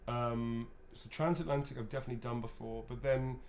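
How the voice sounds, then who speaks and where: A man's voice: medium pitch, fairly even intonation, brisk, darkish tone. Guy chatting through a fan q&a, keeps restarting sentences, mid voice, faint background hum. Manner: rambling, self-correcting, chatty. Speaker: voice actor answering fan questions. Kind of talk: casual live Q&A while signing autographs.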